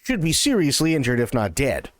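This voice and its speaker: A man voicing a startled, incredulous man at a bar, his voice pushed up high as he exclaims in disbelief. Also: wildly swooping pitch, fairly quick, no room sound.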